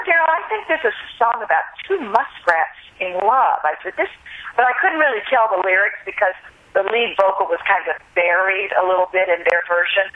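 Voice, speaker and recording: An older woman from the American South, a singer being interviewed, telling stories in a chatty, reflective way and laughing easily. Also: medium pitch. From US South, Alabama. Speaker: guest, singer. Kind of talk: relaxed phone interview storytelling. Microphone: telephone. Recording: tinny phone line.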